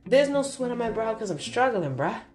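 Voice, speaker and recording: A woman from New York talks through her own advice in a casual monologue, her pitch swinging widely as she acts out other people's lines. Her voice sits fairly high, and she comes across blunt and confrontational. Faint guitar music plays behind her. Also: brisk. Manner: animated, confrontational storyteller who acts out voices. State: hard of hearing. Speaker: vlogger.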